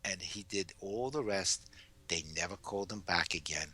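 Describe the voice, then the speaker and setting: A man, giving advice as a guest in a casual interview and telling stories with lively energy. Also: deep voice, moderate pace, husky, no room sound. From New York. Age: 70s. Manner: animated storyteller. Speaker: guest author.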